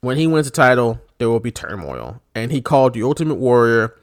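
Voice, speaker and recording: Casual podcast banter comes from a male co-host whose medium-pitched voice runs a little fast. His delivery is animated and full of laughs, joking asides, and mock-shouted moments.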